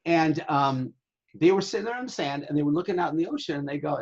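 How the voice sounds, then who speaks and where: A man spins loose, profane anecdotes, now and then putting on the voices of the people in them. His voice is husky and a bit high, and the recording sounds dull and lo-fi. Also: fast talker. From Southern California. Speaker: interview guest, sailing website owner. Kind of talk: casual storytelling.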